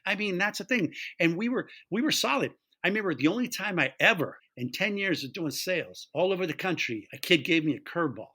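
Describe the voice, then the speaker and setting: A middle-aged man telling a story in casual conversation, animated and acting out the voices of the people he quotes. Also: high-pitched, fairly quick, hardly any pauses, breathy edge. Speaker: guest, taproom owner.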